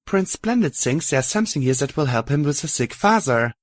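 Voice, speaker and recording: A man's voice: a little high, big pitch swings, a little fast, no room sound, voice pushed up, rough recording. A man voicing a brash, blunt young mare adventurer in an audiobook of a pony story. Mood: coaxing. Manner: bold, blunt, lightly teasing.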